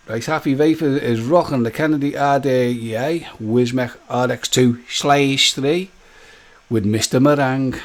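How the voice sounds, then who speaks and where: A man hosts a casual live stream, chatting and joking with his viewers and addressing them directly by name. He talks at a normal speed in a mid-range voice, rambling loosely with many fillers and restarts.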